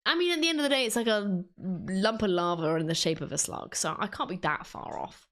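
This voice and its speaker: A woman's voice: mid-range voice, lively intonation, fairly quick. A woman chatting casually while she draws, self-mocking and laughing often. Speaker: drawing vlogger. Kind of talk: casual chat while drawing.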